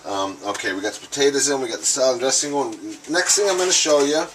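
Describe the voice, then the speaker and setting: Quick and sing-song at medium pitch, a home cooking host chats to viewers he calls "guys" while making a recipe in his kitchen. He restarts often as he works, and the recording is full of clattering dishes, cutlery and stirring.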